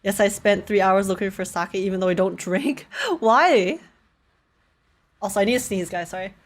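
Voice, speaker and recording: A woman's voice: mid-range voice, normal speed, slight background noise. A young woman from Canada chatting and laughing often while live-streaming a game. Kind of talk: live gameplay chat.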